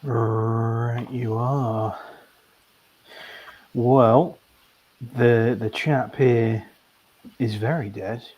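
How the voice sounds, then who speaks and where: A man's voice: mid-range voice, fairly even intonation, drawn-out words, long pauses, a little mellow, highs cut off. A man playing a tabletop game, talking hesitantly as he thinks aloud. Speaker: player.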